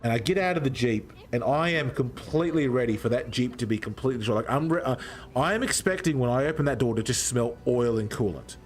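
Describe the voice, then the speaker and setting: A young man, telling a story in a casual, animated way and swearing heavily as he goes. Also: mid-range voice, fast. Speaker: streamer.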